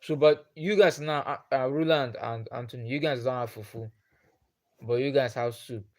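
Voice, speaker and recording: A livestreamer with a Nigerian accent chats with viewers at normal speed in a medium-pitched voice. He keeps asking them the same questions over and over.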